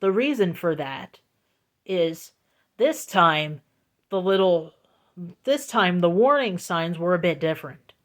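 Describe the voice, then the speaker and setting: A woman telling a storytime vlog into her phone, slow, deliberate and emphatic, repeating her points for weight. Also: lowish voice, lively intonation. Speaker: vlogger.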